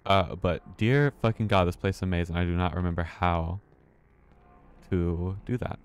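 A man's voice: low voice, moderate pace, clear, resonant tone. A man streaming a horror game, talking to himself with nervous laughs and swearing. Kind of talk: casual let's-play commentary.

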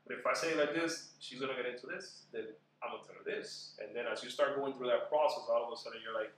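A man chatting as a podcast guest about marriage, animated and acting out quoted voices as he talks. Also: mid-range voice, quick pace, echoey room, slight background noise, poor audio. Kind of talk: casual podcast chat.

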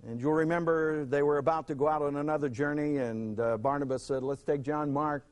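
A man teaching a Bible lesson, dramatic, swinging from loud emphasis to a near hush and acting out the people in the stories. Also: a little high, steady tone, brisk. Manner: acts out quoted speakers in the stories.

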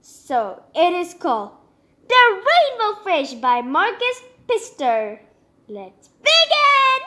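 A woman telling a picture-book story with a very high voice that swoops up and down. She takes her time over each phrase, playful and animated in the way she reads. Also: slow pace. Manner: animated, playful and sing-song. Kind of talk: reading a picture book aloud.

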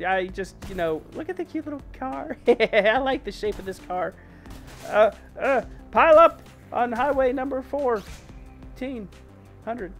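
Man, high voice, excitable let's-play commentary, soft music behind. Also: normal speed. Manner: excitable, exclaiming, mild self-censored oaths. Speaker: gaming channel host.

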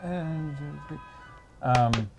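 A man's voice: on the high side, very slow, over music. A man playing a board game with friends, making dry, wry remarks. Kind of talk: casual game-night chat.

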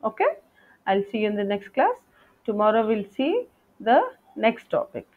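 A woman's voice: mid-range voice, very animated, normal speed. A woman teacher giving a patient lesson to young schoolchildren, spelling out words letter by letter. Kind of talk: online class lesson for young children. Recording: tinny phone-like audio.

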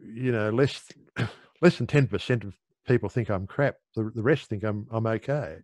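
A man's voice: on the low side, moderate pace, darkish tone, no room sound. Easygoing man teaching meditation, dry sound. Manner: easygoing, restarts often, chuckles at himself. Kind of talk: relaxed conversational explanation.

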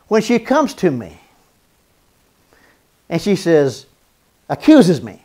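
A man's voice: a little high, wildly swooping pitch, slow, long pauses, darkish tone, breathy edge. A man teaching a marriage seminar as a pastor, earnest, repeating phrases for emphasis and acting out spoken apologies.

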